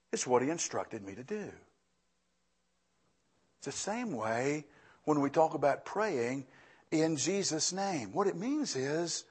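A male pastor preaching a sermon, telling a story with acted-out dialogue and repeating phrases for emphasis. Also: high-pitched.

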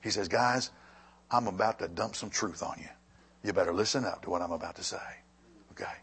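A man preaching a sermon to a congregation, swinging between quiet stretches and loud, fervent rises. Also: deep voice, fairly quick, gravelly, long pauses, breathy edge. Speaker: pastor.

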